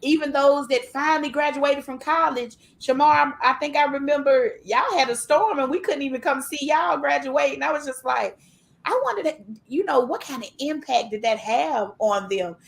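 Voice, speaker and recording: A woman's voice: high-pitched, moderate pace, gravelly. A middle-aged woman hosting a podcast, chatting casually and asking her guests questions in a colloquial way. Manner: warm conversational questioning, colloquial. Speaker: podcast host. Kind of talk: casual chat.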